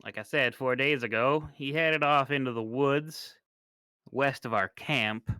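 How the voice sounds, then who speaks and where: A man in the dungeon master's seat, talking at a slow, unhurried pace through the game's scenes. His voice is smooth and clear, and it sits dry and close to the mic. He pauses, hesitates and restarts often while he tells the story. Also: medium pitch, no echo. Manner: relaxed, hesitant narration with many restarts. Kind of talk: narrating a tabletop game with character voices.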